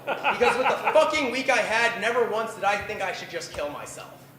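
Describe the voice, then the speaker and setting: A man's voice: high-pitched, lively intonation, moderate pace, pushed and bright, heavy reverb, slight background noise, rough recording. A man in his twenties telling a rambling, profane, self-deprecating story as a stand-up performer at a bar open mic night. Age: 20s.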